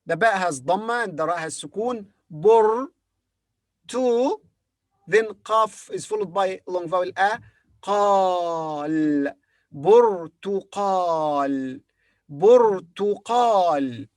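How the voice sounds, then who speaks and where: Slow, patient man teaching letter by letter. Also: high-pitched, dry recording. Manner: spells words letter by letter and repeats each word slowly. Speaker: Arabic teacher. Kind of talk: beginner language lesson.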